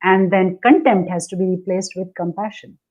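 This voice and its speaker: A woman's voice: medium pitch, fairly even intonation, moderate pace, darkish tone, lo-fi sound. A woman coaching on relationships, dictating step by step over a video call and acting out the attitudes she describes. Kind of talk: instructive conversation.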